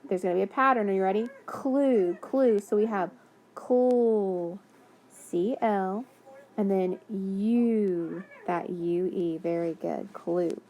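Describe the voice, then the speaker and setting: A woman leads a phonics lesson for young children, taking her time over each word. She talks at an unhurried pace, stretches the sounds out one by one and praises each answer. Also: medium pitch, steady tone, creaky, a little mellow, slight background noise. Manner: patient, encouraging, sounds out words slowly. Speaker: teacher.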